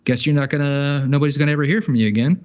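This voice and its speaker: A man's voice: on the high side, fairly even intonation, rapid-fire, darkish tone, smooth, lo-fi sound. A man co-hosting a podcast in casual chat, loose and sardonic, trailing off in filler words and swearing. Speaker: podcast co-host.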